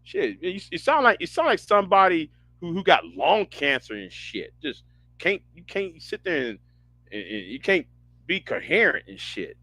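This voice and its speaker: Lively, bright-voiced man ranting on a stream. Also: high-pitched, normal speed. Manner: animated, profane, stammering restarts. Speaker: livestream host. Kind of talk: casual livestream rant.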